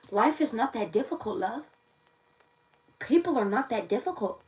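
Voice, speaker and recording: A woman's voice: fairly high pitch, lively intonation, normal speed, pauses often, darkish tone. A woman giving a casual livestream tarot reading, chatty, often repeating her phrases and laughing. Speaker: tarot reader. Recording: voice a bit distant from the mic.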